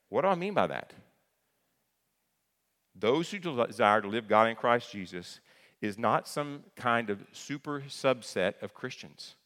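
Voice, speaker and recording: Conversational preacher in a reverberant hall. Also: male voice, medium pitch, fairly bright tone. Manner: conversational, repeats key phrases for emphasis. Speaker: pastor. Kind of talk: sermon.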